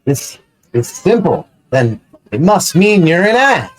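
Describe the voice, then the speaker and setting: A man's voice: high voice, very animated, slow pace, voice pushed up, exaggerated voice, poor audio. A man voicing a smug, washed-up male clown comedian who teases with mock-friendly questions in a tabletop game.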